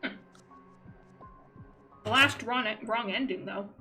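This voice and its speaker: Woman streaming a horror game at home, goofy joking asides, bright voice, quiet game music underneath. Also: on the high side, slow, poor audio. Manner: playful, self-mocking asides. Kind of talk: live gameplay commentary.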